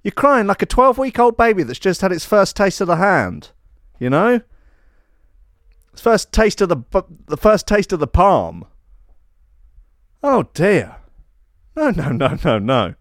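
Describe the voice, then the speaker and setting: A man's voice: high-pitched, sing-song, unhurried, pauses often, dry recording, clean studio sound. A man hosting a podcast in a sarcastic, mock-outraged comedic monologue. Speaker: podcast host.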